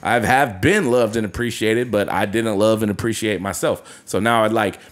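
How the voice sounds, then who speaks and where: A man's voice: on the low side, moderate pace. A man co-hosting a podcast as a casual chat, earnest and open, mixing in jokes and casual swearing. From suburbs. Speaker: podcast co-host.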